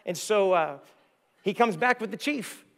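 A middle-aged male pastor from the United States telling stories in a sermon, animated, often repeating words and acting out the voices he quotes. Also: sits high, unhurried. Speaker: guest pastor. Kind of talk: sermon with storytelling. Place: church sanctuary.

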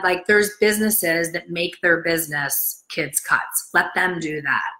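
Talking to camera, this middle-aged woman, who owns a salon and coaches hair colorists, delivers blunt, casual motivation while acting out the people she quotes. She's chatty and animated, speaking at a moderate pace in a voice on the low side. Recording quality is low.

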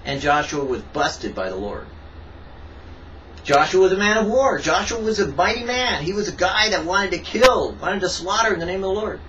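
Preacher guy, emphatic, jumps way up in pitch then goes quiet, far off mic, kinda muffled. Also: expressive, normal speed, a little hiss or hum. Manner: emphatic, with sudden rises and quiet asides. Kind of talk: devotional sermon. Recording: distant mic, dull sound, faint ambience.

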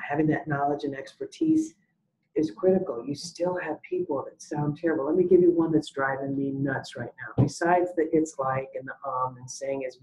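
The audio is muffled, carrying a dark-toned, mid-range voice. It's a salon business educator presenting an e-learning webinar, speaking emphatically and telling stories, often acting out conversations.

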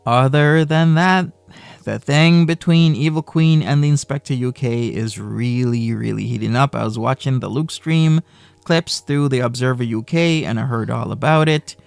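A man hosting a commentary channel, giving his views in a measured, opinionated way. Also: mid-range voice, gravelly, no echo. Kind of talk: scripted commentary.

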